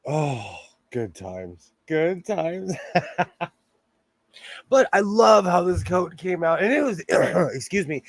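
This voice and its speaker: A young adult man hosting a casual sewing livestream from home, talking into a phone set close by. His voice sits somewhat high and sounds dry, with no room around it. He rambles from one aside to the next and laughs often. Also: lively intonation, takes it slowly, long pauses, slightly rough, no echo. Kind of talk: casual live-stream chat.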